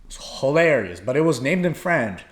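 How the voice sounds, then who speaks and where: A young man from Poland chats casually on a podcast, rambling through a travel story. His voice sits at an ordinary middle pitch for a man, and he talks with plenty of fillers and restarts. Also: big pitch swings, moderate pace. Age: young adult. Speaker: podcast co-host. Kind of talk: casual chat.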